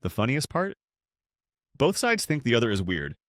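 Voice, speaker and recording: A man narrating a scripted explainer video in a playful way, with upbeat jumps in pitch. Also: huge pitch swings, moderate pace, a bit bright, no echo, studio quality.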